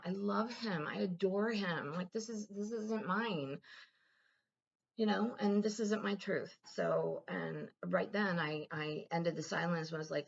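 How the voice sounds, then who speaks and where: Low husky-voiced woman vlogger, lo-fi. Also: a little slow. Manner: candid, profane, animated retelling with quoted dialogue. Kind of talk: casual confessional storytelling.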